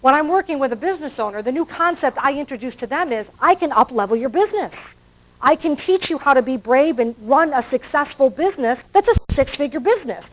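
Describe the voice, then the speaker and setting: A woman's voice: high-pitched, lively intonation, a little fast. A woman giving a motivational talk to a live audience, acting out inner voices and asking the audience questions. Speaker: motivational speaker. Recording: tinny, phone-like audio.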